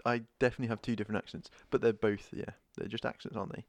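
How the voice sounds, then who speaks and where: A man co-hosting a casual podcast, bantering and teasing in relaxed chat. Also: fairly low pitch, very fast, no room sound. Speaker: podcast co-host. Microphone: headphones and podcast mic.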